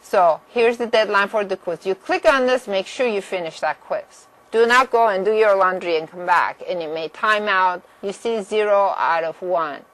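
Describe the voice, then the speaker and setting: A woman's voice: medium pitch, normal speed, few pauses, fairly bright tone, low-quality recording. A woman math instructor giving a course orientation lecture, direct and firm about deadlines.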